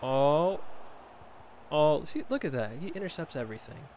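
A man's voice: on the high side, animated, normal speed, a little mellow, slight background noise. A man streaming a video game, joking sarcastically and self-mockingly as he comments on play and answers chat. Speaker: gaming streamer. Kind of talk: casual live gameplay commentary, reading chat.

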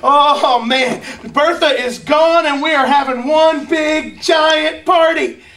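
A teacher doing a chattering, excited servant man. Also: sits high, slow, pitched above the performer's own voice, full character voice. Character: excited gossiping male servant. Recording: echoey room, far from mic.

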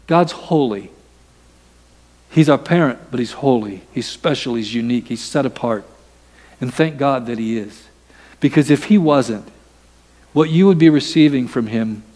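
In a church sanctuary with the sound of a large hall, a pastor preaches a sermon conversationally, acting out the voices he quotes. His voice is medium in pitch and a little mellow.

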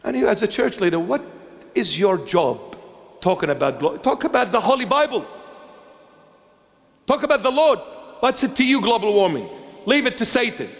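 In a large church hall with long reverb, a bishop preaches a fiery sermon in a strikingly high voice. He drives his points home with mocking rhetorical questions, speaking at a moderate pace in a sing-song way with long pauses.

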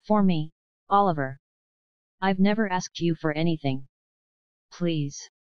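A woman's voice: fairly low pitch, unhurried, smooth, no echo, dull audio, lightly acted. A woman reading an audiobook, voicing an emotional young woman who pleads with her partner. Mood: pleading.

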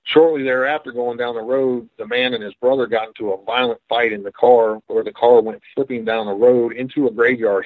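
Guest storyteller, male, mid-pitched, heard down a tinny phone line, halting and conversational. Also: dry recording. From West Virginia. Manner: conversational, many restarts and fillers. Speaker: guest paranormal researcher. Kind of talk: storytelling on a radio call-in. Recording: dry, phone-like call.

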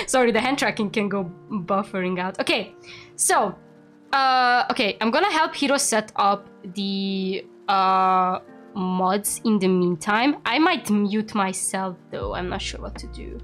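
A young woman hosting a casual game stream, playful and teasing, quick to exclaim. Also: medium pitch, expressive, fairly bright tone, faint music behind. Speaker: streamer and VTuber host.

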